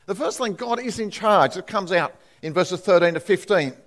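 A man's voice: high voice, expressive, moderate pace, a bit bright. A man preaching a sermon as pastor, telling stories and acting out the voices in them. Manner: storytelling with acted voices. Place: church hall. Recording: church hall reverb.

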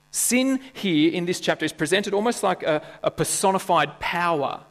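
In a high, somewhat bright voice with lively intonation, a pastor preaches at a moderate pace with hardly any pauses. The sermon is playful and conversational, peppered with jokes and questions aimed at the congregation. The recording has the long reverb and mains hum of a church hall.

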